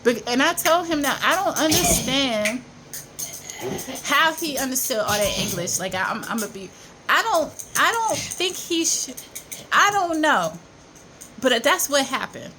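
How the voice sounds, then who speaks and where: High-voiced woman telling a story emphatically. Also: expressive, a little slow, music in the background, low-quality recording. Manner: emphatic and repetitive, insisting she is not lying. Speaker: vlogger. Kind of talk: casual storytelling to camera.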